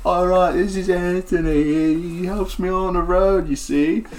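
A man's voice: high-pitched, steady tone, measured pace, darkish tone, voice pushed up. A man doing a swaggering halfling rock-star bard. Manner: drawling, laughing through lines. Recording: noisy home recording.

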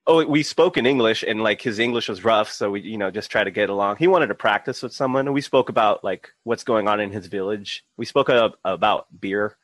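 Low-voiced laid-back man telling stories. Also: a little fast, hardly any pauses, dry recording. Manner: relaxed, swears freely, acts out quoted people. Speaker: podcast host. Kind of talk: casual podcast chat, storytelling.

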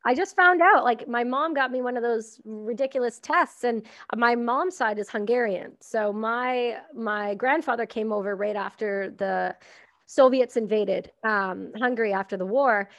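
A woman's voice: on the high side, measured pace, no echo. A woman hosting a podcast, talking in an effusive, encouraging and frank way. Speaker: podcast host. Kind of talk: casual podcast chat.

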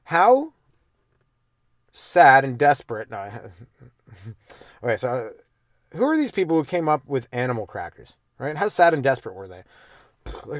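This comedian and podcast host has a medium-pitched voice with lively intonation and a fairly quick pace. Alone at the mic, he rambles through his own jokes, curses, laughs at himself, and slips into silly characters, all captured in dry, clean studio sound.

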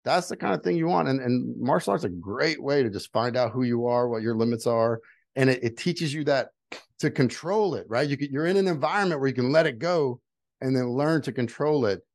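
A man's voice: medium pitch, fairly quick, vocal fry, dry recording. A middle-aged man telling earnest personal stories in casual conversation as a guest. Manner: earnest storytelling. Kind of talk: casual chat.

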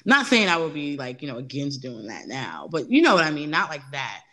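A woman's voice: deep voice, big pitch swings, brisk, sharp tone. A young woman co-hosting a casual podcast, chatty, candid, and full of fillers. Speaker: podcast co-host. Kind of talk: casual chat.

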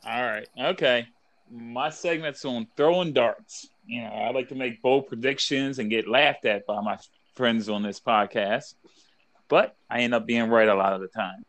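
A man's voice: mid-range voice, moderate pace, fairly bright tone, no room sound. Man, mid-range voice, laid-back, casual swearing, sports chat, dry close sound. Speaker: podcast co-host.

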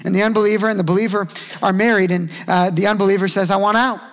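A man delivering a sermon in a loose, conversational preaching style. His voice sits high for a man and carries a gravelly roughness. He slips into brief acted-out quotes to make his points. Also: fairly even intonation, fast talker. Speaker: pastor.

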